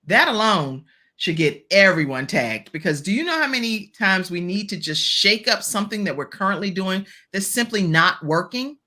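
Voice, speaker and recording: Woman, talk show host, crisp bright voice, chatty, animated, talks straight to viewers. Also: mid-range voice, moderate pace. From Virginia, US. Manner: chatty and animated, addresses the audience directly. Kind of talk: upbeat virtual talk show hosting.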